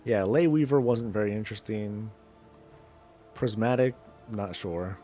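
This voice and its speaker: A man streaming a game, chatting casually in a loose, slangy, rambling way as he thinks out loud. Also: lowish voice, measured pace, soft background music. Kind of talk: casual chat while gaming.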